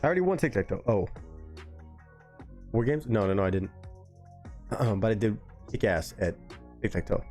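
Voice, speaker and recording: A man's voice: on the low side, expressive, normal speed, pauses often, a little mellow, soft background music. A young man streaming live, reacting to clips and cracking crude, slangy jokes. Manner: crude, joking, slangy banter.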